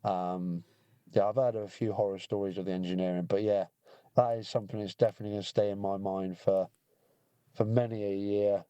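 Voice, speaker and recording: A man's voice: fairly low pitch, little pitch movement, a little fast, mellow, clean tone, no echo, dull audio. British man telling a sweary army story. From United Kingdom. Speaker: podcast co-host, army veteran. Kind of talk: casual chat.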